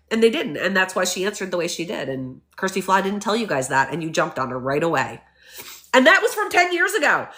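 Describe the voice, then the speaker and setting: A woman vlogger giving opinionated casual commentary in an animated, emphatic way, acting out the people she quotes. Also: mid-range voice.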